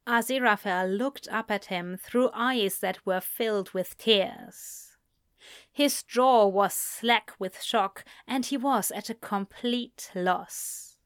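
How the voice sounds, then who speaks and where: A woman reading fan fiction aloud in a soft, unhurried storytelling manner. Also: mid-range voice, clean tone, dry recording, clean studio sound. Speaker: reader.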